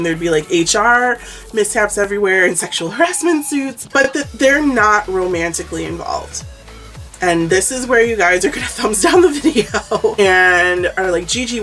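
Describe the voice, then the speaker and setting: A woman's voice: mid-range voice, fairly bright tone. A woman hosting an anime vlog, talking casually through a countdown with chatty, giggly asides. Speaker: anime vlogger host. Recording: distant mic with background music.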